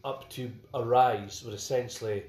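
A man's voice: mid-range voice, fairly even intonation, normal speed, darkish tone. Eager man co-hosting a music chat. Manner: eager, chiming in to finish his partner's sentences. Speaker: podcast co-host. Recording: roomy recording.

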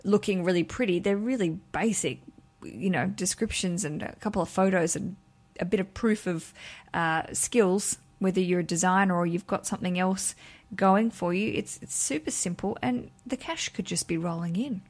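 A woman's voice: on the low side, moderate pace. Bubbly, chatty woman podcast host. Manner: chatty and bubbly, laughs often. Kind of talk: casual chat.

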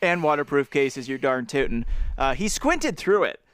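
A man's voice: medium pitch, big pitch swings, moderate pace, a bit bright, clean tone, no echo. A man co-hosting a podcast, chatting enthusiastically and reading from a book aloud. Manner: enthusiastic, giggly. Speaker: podcast co-host. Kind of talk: casual chat and book reading.

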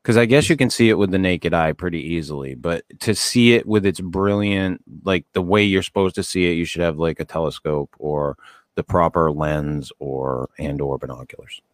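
A man's voice: low-pitched, normal speed, no echo. A middle-aged man co-hosting a podcast in casual chat, swearing freely, rambling and laughing often. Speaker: podcast co-host.

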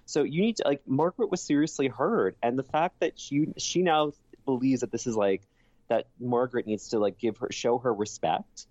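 A man's voice: medium pitch, moderate pace, darkish tone, dry recording, dull audio. A man co-hosting a podcast, chatting casually and emphatically, swearing freely and restarting often. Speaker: podcast co-host. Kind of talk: casual recap chat.

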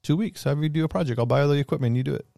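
A man's voice: fairly high pitch, rapid-fire, creaky, mellow, dry recording, studio quality. A man in his thirties telling stories in casual, profane chat and acting out quotes as he goes. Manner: profane, storytelling, acts out quotes.

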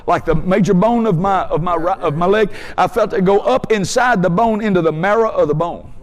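A man's voice: high-pitched, in a large hall. A man preaching a testimony sermon with fervent, emphatic storytelling.

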